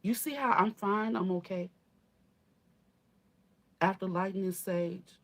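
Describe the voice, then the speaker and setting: A woman reads channeled spiritual guidance to her audience slowly, in a steady, mid-range voice. Her manner is casual, blunt and emphatic: she swears, addresses listeners as baby, repeats herself and often checks in with "okay?"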